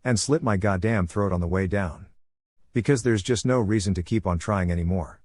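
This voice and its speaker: A man's voice: low voice, normal speed, a little mellow, dry recording, studio quality. A man reading the lines of a cocky, sarcastic young male ninja in a fan fiction reading, in a blunt way.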